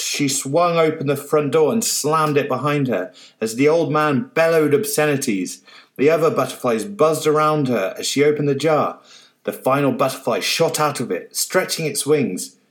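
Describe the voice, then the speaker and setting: A man reading his own short story aloud in a soft, low-key storybook narration.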